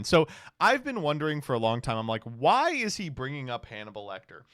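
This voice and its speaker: A man streaming casual reaction commentary, animated, swearing freely and laughing often. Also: mid-range voice, a little fast, dry recording, studio quality.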